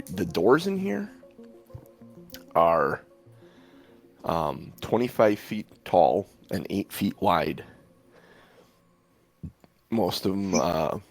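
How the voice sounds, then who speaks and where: A man's voice: sits low, no room sound. A man narrating as dungeon master, hesitant and full of ums. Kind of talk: narrating a tabletop game.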